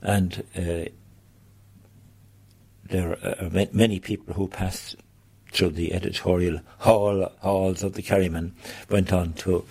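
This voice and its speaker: An older man reminiscing in an interview about his newspaper years, halting and restarting his phrases. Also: deep voice, level tone, creaky, darkish tone, slightly rough.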